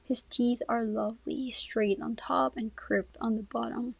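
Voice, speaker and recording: A woman reading a first-person novel aloud, soft-spoken and often sinking to a whisper, close to the mic. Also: on the high side, fairly even intonation, measured pace, creaky, slightly rough, dry recording, low-quality recording. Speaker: audiobook reader.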